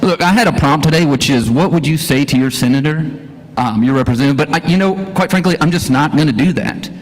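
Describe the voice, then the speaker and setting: A man's voice: on the high side, fast talker. A man, a school teacher, giving a folksy, impassioned town hall speech full of rhetorical questions. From Louisiana. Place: church hall, live audience. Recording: echoey hall, live stream.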